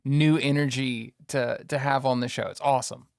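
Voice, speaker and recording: A man's voice: medium pitch, fairly even intonation, normal speed, creaky, dry recording, studio quality. A man hosting a podcast, enthusiastically recapping a show in casual chat and laughing often. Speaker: podcast host.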